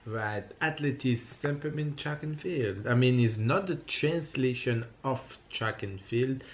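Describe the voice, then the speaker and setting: A young French man with a French accent, chatting halting and teasing in a casual family vlog, full of fillers and restarts. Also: mid-range voice. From France. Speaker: vlog co-host, husband.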